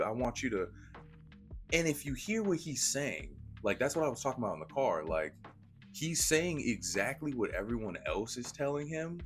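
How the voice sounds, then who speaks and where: A man giving a casual, slangy and profane film review, retelling scenes with animated energy. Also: mid-range voice.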